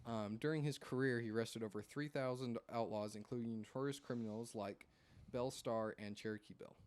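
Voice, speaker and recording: A man co-hosting a relaxed podcast, talking in loose rambling sentences. He hedges a lot and pokes fun at himself. His pitch sits in a plain middle range. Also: a little fast. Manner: rambling, self-deprecating, hedges with "I think". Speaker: podcast co-host. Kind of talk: casual chat.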